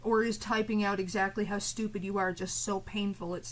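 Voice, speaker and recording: A woman's voice: medium pitch, little pitch movement, brisk, poor audio. A woman streamer ranting live at her chat, swearing and confrontational, with biting sarcasm.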